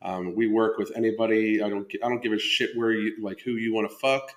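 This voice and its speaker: In a steady, lowish voice and at a slightly fast clip, a fitness coach who hosts a podcast chats on a live stream about his coaching. He's loose and foul-mouthed, cutting himself off and restarting sentences, and the room at home lends a roomy echo.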